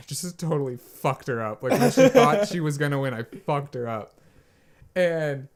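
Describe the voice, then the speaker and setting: A man's voice: a little high, a little slow, crowd noise. A young man co-hosting a podcast, telling a rambling story with lots of fillers and swearing. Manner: rambling storytelling, many fillers, frequent swearing, animated quoting. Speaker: podcast co-host. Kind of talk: casual chat.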